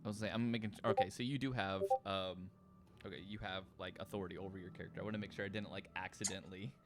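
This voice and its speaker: A man's voice: sits low, steady tone, quick pace, background noise. A man narrating as game master of a tabletop game, casual, with fillers.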